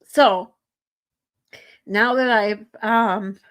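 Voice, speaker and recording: A woman streamer talking to her chat in a casual live stream, earnest and heartfelt, often halting and restarting her sentences. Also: medium pitch, steady tone, a bit bright.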